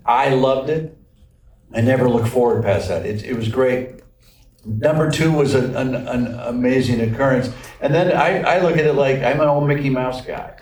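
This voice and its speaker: A man's voice: mid-range voice, normal speed, darkish tone. Man, sixties, wry self-mocking jokes, press panel, distant mic, echoey room. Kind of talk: joking press conference answers.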